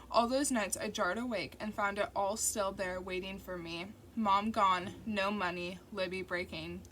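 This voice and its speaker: A woman reads a novel aloud in the first person, her mid-range voice steady and intimate. Faint construction noise drifts in behind the reading. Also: medium pitch, moderate pace, hardly any pauses. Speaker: audiobook narrator. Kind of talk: first-person audiobook narration.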